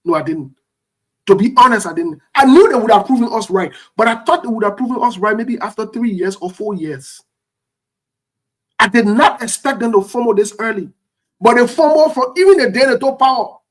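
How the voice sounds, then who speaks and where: A man's voice: very high-pitched, lively intonation, a little fast. Liberian guy ranting on a talk show, defiant, keeps repeating himself to drive it home. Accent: Liberian English. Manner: forceful, repetitive, defiant. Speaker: co-host. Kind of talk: heated political commentary.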